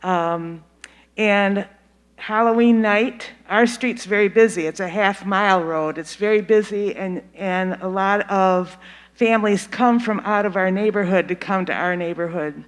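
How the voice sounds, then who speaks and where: Calm older speaker with a smooth voice. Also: mid-range voice, measured pace. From Detroit. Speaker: community meeting participant. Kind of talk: public comment at a community forum. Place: meeting room.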